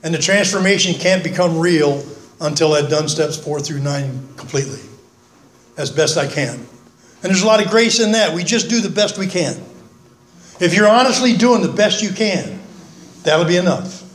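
An older man stands at the front of an echoey meeting room, giving a folksy, earnest talk at a recovery meeting with self-mocking humor. His voice is a little high, with lively intonation and a moderate pace.

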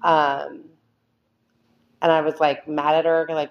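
A woman's voice: sits low, little pitch movement, a little slow, long pauses, lo-fi sound. A woman sharing her recovery story at a meeting, candid and rambling, full of fillers and restarts. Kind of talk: personal testimony talk.

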